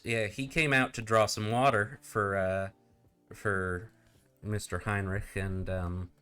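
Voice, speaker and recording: A man voicing a nervous male townsman in a tabletop game, hesitant and full of pauses. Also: fairly low pitch, a bit bright.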